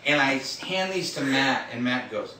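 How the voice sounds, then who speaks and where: A man's voice: mid-range voice, animated, normal speed, pushed and bright. A man hosting a podcast, telling stories in a rambling way and often breaking off mid-sentence. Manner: rambling, self-interrupting storyteller. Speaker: podcast host. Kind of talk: casual chat. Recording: echoey room, distant mic, faint noise.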